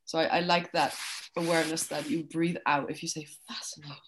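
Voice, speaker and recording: A woman sharing in a group session, explaining with lively energy. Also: low voice, a little fast, background noise. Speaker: workshop participant.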